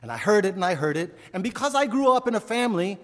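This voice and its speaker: A man's voice: sits high, big pitch swings, fast talker, a bit bright. A man from upstate New York preaching a sermon, telling family stories in a folksy way and building to fervent emphasis. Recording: long hall reverb.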